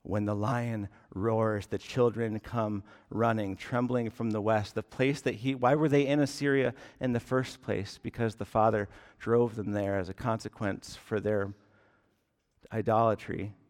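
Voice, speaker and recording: Slow-preaching man in a reverberant hall. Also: lowish voice, steady tone, darkish tone. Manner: earnest preaching, slow and deliberate with emphatic rises. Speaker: pastor. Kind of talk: sermon.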